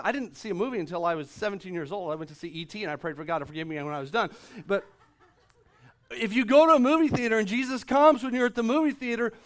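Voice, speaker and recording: Man, pastor, sermon, high-pitched, emphatic, repeats phrases, middle-aged. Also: a bit bright.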